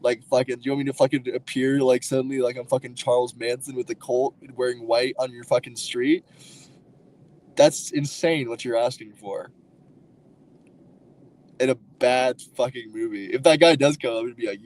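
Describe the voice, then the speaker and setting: A man's voice: mid-range voice, steady tone, fairly quick, darkish tone, low-quality recording. A man hosting a livestream, rambling and arguing with his chat in a loose, profane way, full of fillers and restarts. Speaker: livestream host. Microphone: streaming mic.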